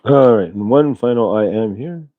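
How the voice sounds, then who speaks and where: A man's voice: lowish voice, normal speed, no room sound, narrow, tinny audio. A man hosting a casual spiritual livestream, talking loosely and reading out viewers' chat messages. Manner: relaxed, rambling, reads chat aloud. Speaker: host.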